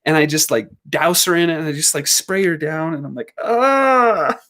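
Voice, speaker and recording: A man hosting a livestream, telling a casual story at home in an animated way, laughing and doing squeaky voices for his dogs. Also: a little fast. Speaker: livestream host.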